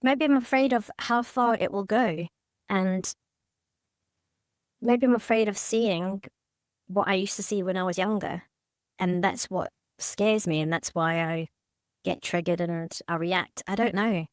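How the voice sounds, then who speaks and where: A woman in counselling, speaking hesitantly and haltingly about her fears, with frequent restarts. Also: medium pitch, steady tone, no echo, clean studio sound. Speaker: mother seeking counselling. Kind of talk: emotional counselling conversation.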